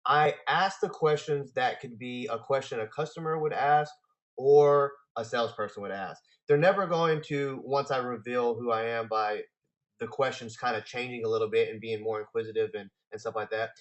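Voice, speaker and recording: A man hosting a talk, relaxed and casual, answering viewer questions on sales with frequent fillers and restarts. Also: medium pitch, normal speed, dull audio.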